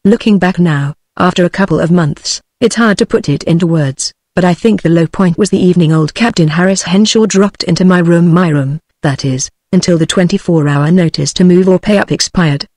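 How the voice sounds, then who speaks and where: A text-to-speech woman's voice with a British accent reading an audiobook in an even, synthetic manner. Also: on the low side, moderate pace, no echo, studio quality. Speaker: audiobook narrator.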